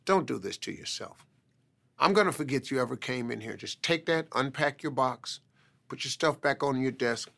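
A man's voice: mid-range voice, expressive, normal speed, creaky, bright, forceful tone. A man voicing a stern male office boss who lectures an employee in a story. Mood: scolding.

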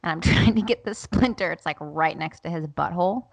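A woman's voice: on the low side, fairly quick, gravelly, dry recording. A woman in her thirties, a podcast co-host, chatting casually and acting out her children's voices as she tells stories. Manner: animated storytelling, acts out her kids' voices. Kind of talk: casual chat.

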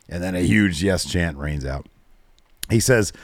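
A man's voice: low voice, normal speed, no echo, clean studio sound. A man co-hosting a casual show, animatedly retelling events and acting out what people said. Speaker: podcast co-host. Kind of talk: casual recap of a wrestling show.

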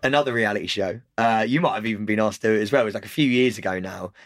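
A man co-hosting a podcast, telling animated stories in casual chat and laughing his way through his anecdotes. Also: fairly low pitch, racing, no room sound, studio quality. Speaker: podcast co-host.

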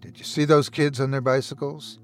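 A man voicing a menacing, mocking male doctor who taunts in a slow, hushed voice. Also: mid-range voice, little pitch movement, soft background music, lightly acted.

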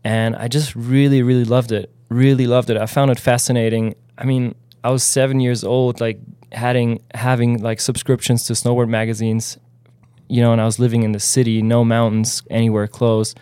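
A man's voice: medium pitch, little pitch movement, normal speed, mellow, clean tone, no room sound. A man from Germany telling stories as a guest on a podcast, laid-back and full of "like" and "um". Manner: laid-back, fills speech with "like" and "um". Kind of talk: casual interview chat.

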